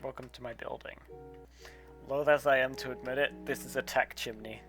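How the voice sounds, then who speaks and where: A man's voice: medium pitch, steady tone, a little fast, a bit bright. A man in a casual gaming chat, wry and teasing with his friends. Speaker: friend on game server. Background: game music.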